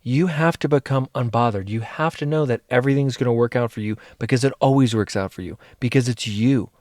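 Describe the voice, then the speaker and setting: A man, a life coach and mentor, delivers a motivational monologue to his listeners, speaking directly and earnestly and repeating phrases for emphasis. His medium-pitched voice is a little fast and a little mellow, captured in a dry, studio-quality recording.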